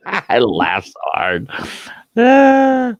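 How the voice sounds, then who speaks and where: Gravelly older man spinning a folksy yarn. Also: very high voice, huge pitch swings, very slow, no echo. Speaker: storytelling host. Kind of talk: casual spoken storytelling. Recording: dull, dry lo-fi recording.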